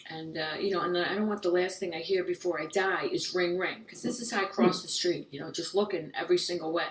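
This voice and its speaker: Fast-rambling woman comedian, echoey and distant. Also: fairly low pitch, fairly even intonation. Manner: rapid anxious rambling in acted inner monologues. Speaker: stand-up comedian. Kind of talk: stand-up comedy set. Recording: echoey room heard from far off.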